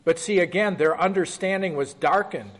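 In a large hall, a Bible teacher with a voice that sits high reads scripture aloud at a moderate pace and asks his group questions, keeping the study interactive and conversational.

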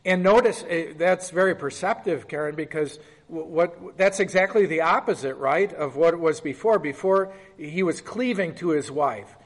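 A man's voice: fairly high pitch, moderate pace, few pauses, in a large hall. A man leading a Bible study, reading scripture aloud and asking the group questions in a conversational way. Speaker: Bible teacher. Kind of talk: interactive Bible study teaching.

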